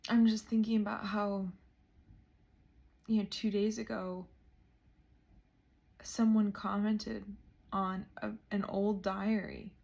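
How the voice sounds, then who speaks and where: Emotional woman, hushed and earnest. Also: mid-range voice, little pitch movement, slow, creaky, pauses often. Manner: earnest and emotional, often dropping to a hush. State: emotional, close to tears. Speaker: vlogger. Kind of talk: meditation video diary.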